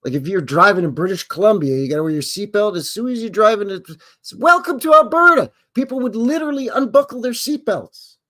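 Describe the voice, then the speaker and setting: A man's voice: high-pitched, fast talker, hardly any pauses. A man hosting a casual livestream, rambling and joking as he acts out little voices. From Canada. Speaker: livestream host.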